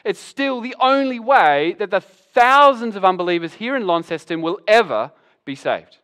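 A man preaching a sermon as pastor, animated and acting out the voices of Bible figures. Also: high-pitched, moderate pace, clean tone.

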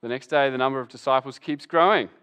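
A man preaching a sermon as pastor, animated and acting out the voices of Bible figures. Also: mid-range voice, fast talker, smooth.

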